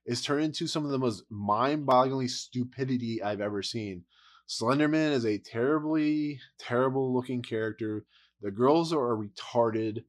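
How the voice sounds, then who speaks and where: A man giving a casual, blunt movie review rant, exasperated and rambling, with frequent laughs. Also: mid-range voice.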